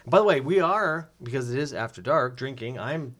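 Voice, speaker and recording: A man co-hosting a casual podcast from a living room, an animated storyteller who mimics voices and uses many fillers. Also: mid-range voice, moderate pace. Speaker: podcast co-host.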